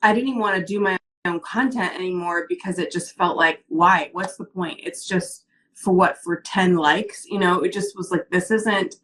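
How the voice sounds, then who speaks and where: A woman's voice: lowish voice, moderate pace, a bit bright. A woman coaching client who speaks in a casual interview with an earnest, heartfelt, rambling manner. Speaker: coaching client and business owner. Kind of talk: casual interview, personal story.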